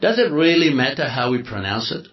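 A man's voice: medium pitch, very animated. Echoey man preaching a teaching sermon. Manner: explanatory, deliberate, repeats words. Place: hall with a congregation. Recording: echoey hall, dull lo-fi sound.

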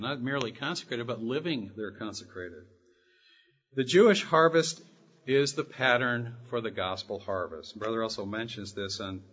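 A man delivers a Bible lesson in a husky voice, slowing down to stress each scripture he quotes. His middle-pitched voice comes through a dull, lo-fi recording. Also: fairly bright tone. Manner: reads scripture slowly with emphasis. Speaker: Bible study speaker. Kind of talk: sermon-style Bible teaching.

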